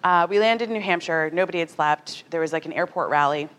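A woman in her thirties giving a talk to an audience in a conversational, animated way, often acting out what others said. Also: on the low side, quick pace. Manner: animated, conversational, acts out quotes. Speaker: speaker at a talk.

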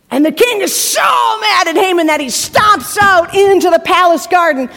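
A woman preacher retelling a story in a lively sermon, acting out the characters and dropping to a hush at tense moments. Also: sits high, normal speed. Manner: acts out the characters with shifting voices, drops to hushed tones. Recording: hall reverb from a live talk.

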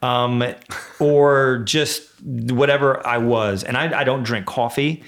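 A man, telling stories in a loose, swearing, animated way and acting out voices as a podcast guest. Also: mid-range voice, slow. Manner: animated, swearing storyteller who acts out voices in quotes. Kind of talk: casual podcast chat.

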